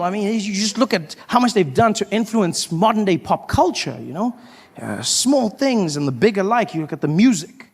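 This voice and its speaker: South African comedian, high, animated delivery. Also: male voice. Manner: animated storytelling, slipping into character voices. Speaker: stand-up comedian. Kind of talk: stand-up comedy performance. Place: live comedy venue with audience.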